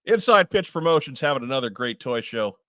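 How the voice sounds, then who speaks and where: A man's voice: medium pitch, big pitch swings, a little fast, bright, forceful tone, no room sound, clean studio sound. A man co-hosting a podcast, reading news in a casual chatty way with many fillers. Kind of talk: casual chat.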